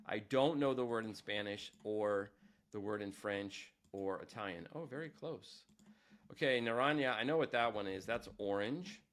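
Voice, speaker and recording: A man's voice: fairly low pitch, moderate pace, a bit bright. A man, a teacher, giving a casual screen-recorded tutorial, chatty and self-deprecating, thinking aloud as he goes.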